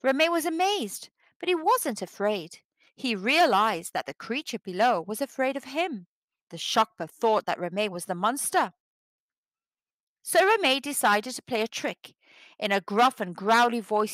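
A woman reading a children's picture book aloud, with expressive storytelling. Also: on the high side, a little slow, dry recording. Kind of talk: children's read-aloud narration.

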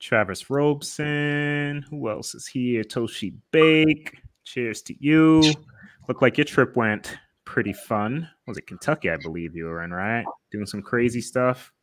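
A man's voice: medium pitch, a little slow. A man co-hosting a casual livestream, laid back and laughing often as he reads out names from the chat. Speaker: livestream co-host.

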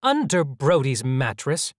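A man's voice: medium pitch, very animated, measured pace, no echo, clean studio sound, pitched above the performer's own voice. A man voicing a prim, disapproving middle-aged mother who is scandalized.

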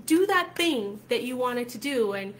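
Speaking at a measured pace in a fairly high, animated voice, a woman coach addresses her viewers casually to camera. She's a spiritual coach who is emphatic and chatty, tags her points with "right?" and swears freely. A little hiss or hum can be heard.

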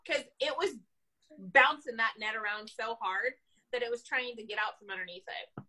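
A woman, an animal control officer, telling a story from her work in an animated, casual way, laughing often. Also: fairly high pitch, moderate pace, rough recording.

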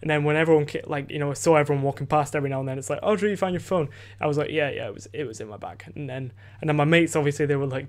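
Talking fast and rambling, this teenage podcast host has a voice on the high side. He swears freely and keeps restarting and filling gaps while telling a casual story into a desk microphone.

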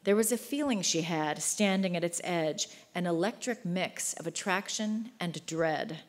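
A woman author reads from her own novel in a measured, even way, her fairly low voice carrying through a large hall. The long reverb trails behind each phrase. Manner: measured, literary reading. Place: large book fair venue.

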